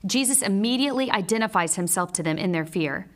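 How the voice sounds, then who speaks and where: A woman's voice: mid-range voice, expressive. Earnest woman giving devotional teaching. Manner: earnest, measured, personal storytelling. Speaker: Bible teacher; mother.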